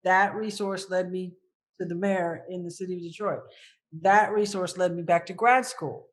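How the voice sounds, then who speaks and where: A woman guest telling candid personal stories in an interview, animated and acting out her past thoughts. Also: fairly low pitch, moderate pace.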